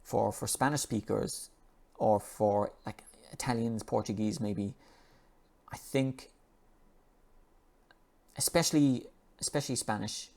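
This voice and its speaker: A man teaching English pronunciation, reading an article aloud and slowly repeating the sounds in each word. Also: fairly low pitch, gravelly, a little mellow. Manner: slow and repetitive, drawing out and repeating sounds.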